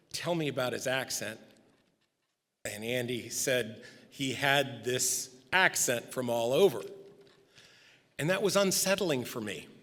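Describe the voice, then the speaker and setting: Man telling stories at a memorial. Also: mid-range voice. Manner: anecdotal, gently humorous storytelling. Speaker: speaker giving a memorial tribute. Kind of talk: eulogy storytelling. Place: large church sanctuary. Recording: long reverb in a church hall.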